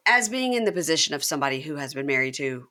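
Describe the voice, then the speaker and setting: Woman host, low pitch, bright tone, animated recapper. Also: quick pace. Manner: animated retelling, acts out quotes. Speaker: podcast host. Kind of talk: casual recap chat.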